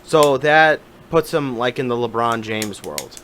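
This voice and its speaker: Easygoing male co-host, mid-pitched, faint ambient noise. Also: animated, unhurried, a bit bright. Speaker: podcast co-host. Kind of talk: casual chat.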